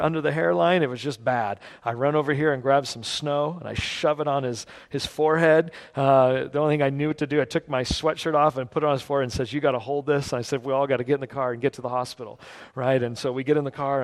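A man preaching a sermon, telling a personal story and moving between hushed, quiet passages and loud, emphatic ones. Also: medium pitch. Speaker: pastor.

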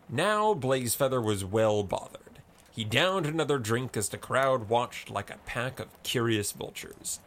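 A man narrating a story in a slow, expressive reading. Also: mid-range voice, slight background noise.

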